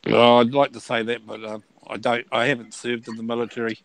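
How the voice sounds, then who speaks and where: A man's voice: mid-range voice, flat delivery, a little fast, creaky. A man with an Australian accent chatting on a call, teasing and sarcastic. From Australia or New Zealand. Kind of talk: casual chat.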